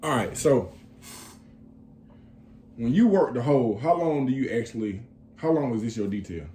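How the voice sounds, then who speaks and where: Relaxed male interviewer, echoey room. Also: mid-range voice, normal speed, slight background noise. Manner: relaxed, affirming with frequent "yeah". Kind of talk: casual interview.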